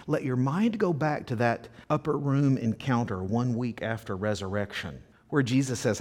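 Speaking at medium pitch and an unhurried pace, a pastor delivers a sermon before his congregation at a church service. His voice is highly expressive, rising and falling broadly, and he talks conversationally while putting questions to the audience. Reading scripture aloud, he performs the lines dramatically.

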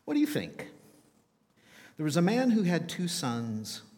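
Animated male preacher in an echoing hall. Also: a little high, unhurried. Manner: animated, asks the audience rhetorical questions. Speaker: pastor. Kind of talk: sermon. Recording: long reverb of a large hall.

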